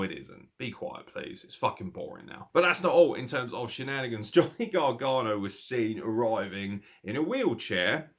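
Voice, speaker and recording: An English man reviewing a wrestling show in casual talk, ranting and swearing freely, animated and quick to laugh. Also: low-pitched. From England.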